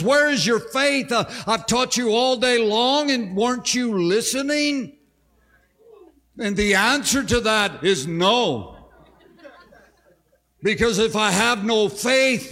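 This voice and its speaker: An older man preaching an impassioned sermon to a conference crowd, with drawn-out exclamations. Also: sits high, sharp tone. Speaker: pastor. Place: large conference hall. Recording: long hall reverb.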